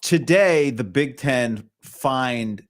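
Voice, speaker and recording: Man, sports podcast host, lively swooping pitch, rambling casual talk. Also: very slow. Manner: rambling, restarts mid-thought.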